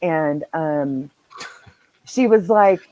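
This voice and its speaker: A woman hosting a podcast, telling a story in casual chat, animated and swearing freely. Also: low-pitched, extremely slow, rough recording. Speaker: podcast host.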